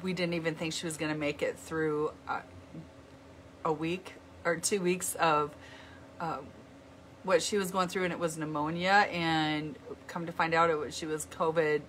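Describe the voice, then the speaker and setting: A middle-aged woman talking to her viewers in an earnest, heartfelt way, often halting and restarting her sentences. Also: low voice, fairly even intonation, a bit bright, slight background noise. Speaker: vlogger. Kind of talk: heartfelt casual talk to viewers.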